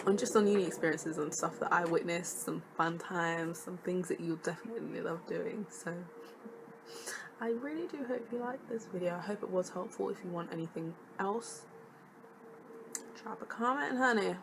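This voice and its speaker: A woman's voice: lowish voice, moderate pace, noisy background. A young woman, a student vlogger chatting casually to camera, sassy and jokey with lots of laughing asides. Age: young adult.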